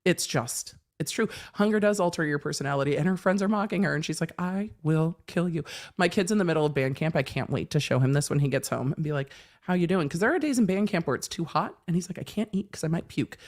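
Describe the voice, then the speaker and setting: Woman, livestream host, casual chat, swears freely, slightly low voice. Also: fast. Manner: animated, laughing, swearing freely. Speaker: legal commentary livestream host.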